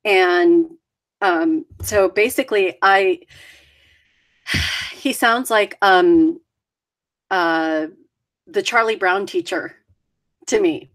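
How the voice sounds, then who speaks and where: A woman's voice: fairly low pitch, drawn-out words, long pauses, a bit bright. A woman co-hosting a casual chat, rambling with fillers and restarts. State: deaf, hears consonants poorly. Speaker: podcast co-host.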